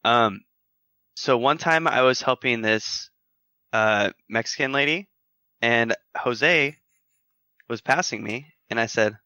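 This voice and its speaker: A man's voice: medium pitch, slow, pauses often, sharp tone, no room sound, dull audio. A man co-hosting a podcast, telling crude joking stories in casual chat and laughing often. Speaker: podcast co-host.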